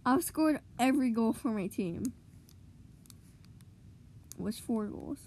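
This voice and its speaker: A woman giving excitable live commentary on her own gameplay, cheering goals and groaning at misplays. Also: fairly high pitch, slow. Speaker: gamer streamer.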